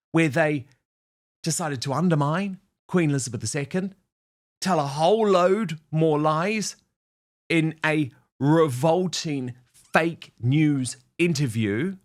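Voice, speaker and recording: A man hosting a show, presenting opinionated news in a punchy, emphatic way. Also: on the high side. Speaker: show host.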